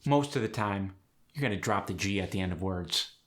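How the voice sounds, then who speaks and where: A male accent coach walks through pronunciation rules one step at a time, in a steady teaching tone. His voice sits a little lower than most men's. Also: a little fast. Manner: clear, step-by-step instructive delivery. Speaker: accent coach and channel host. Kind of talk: instructional explanation.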